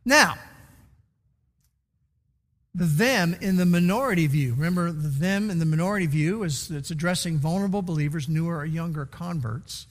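High-voiced man preaching in a reverberant hall. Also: expressive, moderate pace, fairly bright tone. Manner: teaching, repeats key words for emphasis. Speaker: pastor. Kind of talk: sermon.

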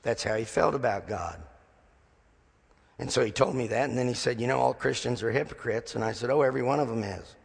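A male pastor delivers a sermon in a gravelly, slightly husky voice. He tells stories with dry humor, slipping into the voices of the people in them. His words echo with the long reverb of a large sanctuary. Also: medium pitch, fairly quick. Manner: storytelling with dry humor, acting out dialogue.

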